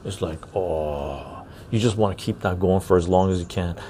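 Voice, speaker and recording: A man's voice: sits low, moderate pace, warm tone, slight background noise. A man hosting a casual outdoor podcast, chatting easily with viewers and tagging his sentences with "right?". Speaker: podcast host. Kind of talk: casual chat while reading live chat. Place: outdoor patio garden.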